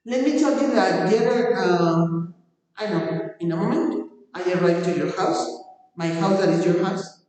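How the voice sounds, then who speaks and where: A woman's voice: fairly low pitch, moderate pace. Echoey, distant woman teacher. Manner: warm, motherly, repeats herself, asks the class questions. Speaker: English teacher. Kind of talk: online class lesson with chatty anecdotes. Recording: very echoey, distant mic, long reverb.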